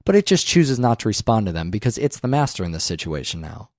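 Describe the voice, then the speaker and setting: A low-pitched man talks films on a podcast, emphatic, opinionated and quick to swear. His voice sounds dry and close, with no room around it. He rants casually as the show's host. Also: big pitch swings, darkish tone, no echo. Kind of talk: casual film discussion.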